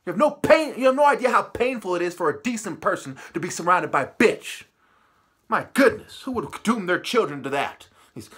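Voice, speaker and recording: A man in a profane, preachy ranting monologue, swinging from muttering to shouting. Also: high-pitched, big pitch swings, normal speed, slightly rough. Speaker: vlogger.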